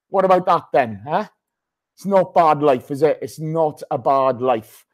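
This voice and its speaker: A man hosts a live podcast over a video call in a slightly high voice. He is loud and excitable, swears freely and shouts out chat names as they come in. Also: measured pace. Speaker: podcast host.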